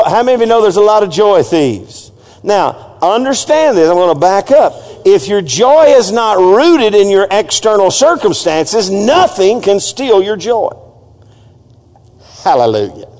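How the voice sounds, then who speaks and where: A pastor delivering an emphatic sermon, often calling on the congregation to repeat phrases after him. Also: male voice, sits high, a little mellow. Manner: call-and-response, urging the congregation to repeat phrases; emphatic preaching with frequent asides and restarts. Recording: long reverb of a church hall.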